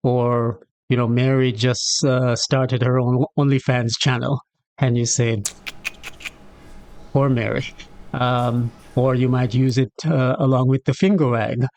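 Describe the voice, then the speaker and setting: A man with a Jamaican accent hosting a casual lesson on patois, relaxed and chatty, acting out little everyday scenarios. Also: mid-range voice, unhurried. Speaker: channel host teaching patois. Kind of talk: casual explanatory lesson to camera.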